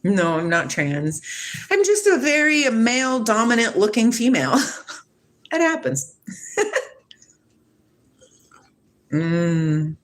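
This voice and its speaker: A woman's voice: a little high, very animated, a little slow, a bit bright. A woman in her forties from Washington state, musing casually and reflectively about spirituality while answering a livestream chat, laughing often. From Washington state, USA. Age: 40s.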